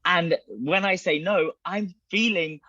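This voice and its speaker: Guy with a bright tense voice, animated storyteller, swears a lot, dull dry recording. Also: high voice, slow. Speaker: guest, bodywork practitioner. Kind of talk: casual conversation.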